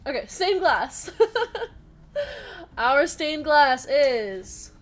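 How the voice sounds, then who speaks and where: A woman's voice: high voice, very animated, drawn-out words. A woman hosting a live trading card break, chatty and giggly, calling out the cards she pulls and reading comments from the chat. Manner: giggly, laughs often between card calls.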